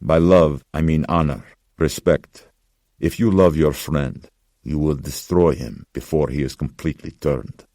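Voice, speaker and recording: A man voicing a somber old pawnbroker who speaks in a slow, grave, measured way. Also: very deep voice, fairly even intonation, mellow, dry recording, studio quality. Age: older.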